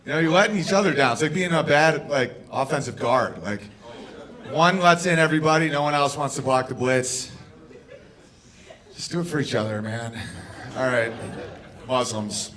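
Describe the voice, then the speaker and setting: A man performing a brash stand-up comedy set on a club stage, bursting into loud shouted bits. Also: mid-range voice, normal speed, long pauses.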